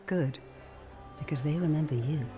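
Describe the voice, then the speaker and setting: A woman's voice: deep voice, close to an everyday voice. A woman voicing Proserpina, a serene former goddess. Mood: warm. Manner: measured, formal, softly mysterious. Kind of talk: game voice acting. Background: game music.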